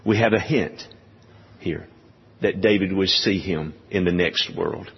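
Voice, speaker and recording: A man preaching a sermon, speaking in a measured way with many pauses. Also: low voice, creaky, slightly rough, in a large hall, lo-fi sound. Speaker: pastor.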